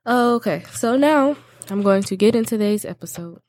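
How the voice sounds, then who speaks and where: A young woman hosting a podcast with a Michigan accent, chatting casually and reading out a case in a relaxed way. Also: on the high side, moderate pace, no room sound. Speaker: podcast host and case narrator.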